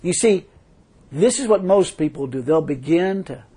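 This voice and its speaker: Husky, high-voiced male preacher. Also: expressive, normal speed, dark tone. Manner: fervent, repeats hallelujah, storytelling. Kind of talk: sermon.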